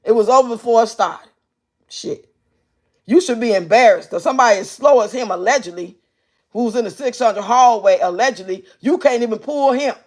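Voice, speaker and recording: A woman hosting a livestream, giving blunt, profane commentary and reading her chat out loud. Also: on the high side, normal speed. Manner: brash, profane, mocking. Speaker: livestream host reacting to clips.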